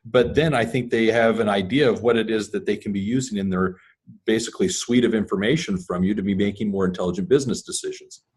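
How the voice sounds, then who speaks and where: A man hosting a casual interview, relaxed and joking as he introduces and questions his guest. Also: on the low side, quick pace, breathy edge. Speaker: podcast host.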